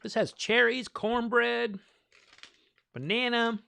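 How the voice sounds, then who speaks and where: A man's voice: very high-pitched, fairly even intonation, slow, creaky, sharp tone, clear, resonant tone. A man hosting a bourbon tasting, chatting loosely and thinking aloud with many fillers, a little winded from all the talking. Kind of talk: casual live tasting chat.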